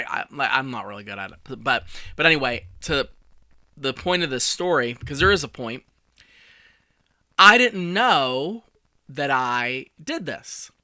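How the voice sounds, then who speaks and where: A man's voice: mid-range voice, sharp tone, no echo. A man in his forties who hosts a podcast as a communication coach, telling stories in a chatty way with self-deprecating asides. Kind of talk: casual solo podcast talk.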